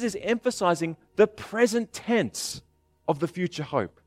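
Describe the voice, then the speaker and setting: Male preacher, higher voice, chatty and animated, dry close sound. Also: a little slow, dry recording. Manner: conversational and animated, acting out quoted speakers. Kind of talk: sermon.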